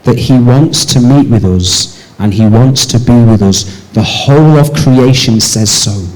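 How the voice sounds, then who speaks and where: Male pastor, church sermon, rhetorical questions, shifts between forceful and soft delivery. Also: a little slow, poor audio. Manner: asks the congregation rhetorical questions; moves between raised emphatic lines and soft low passages.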